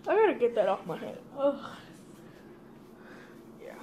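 A woman vlogging casually, speaking straight to her viewers in an excitable way and swearing often. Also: a little high, measured pace, noisy background. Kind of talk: casual mail-opening vlog.

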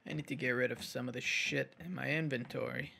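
A man's voice: mid-range voice, fairly even intonation, brisk, gravelly, bright, forceful tone, slight background noise. A man giving casual, jokey commentary while playing a game, rambling, swearing and muttering to himself. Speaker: gaming channel host.

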